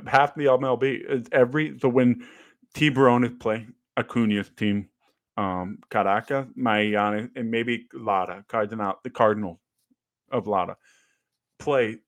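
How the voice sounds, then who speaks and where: Man telling animated stories, dry sound. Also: mid-range voice, a little slow, dry recording. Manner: animated storytelling with fillers and restarts. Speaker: podcast co-host, former ballplayer. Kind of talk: casual chat.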